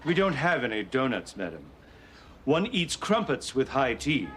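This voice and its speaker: A man's voice: mid-range voice, very animated, moderate pace, a bit bright, slight background noise. An actor playing a stiff, haughty male butler in a studio sitcom, speaking in a formal, dry and snooty way.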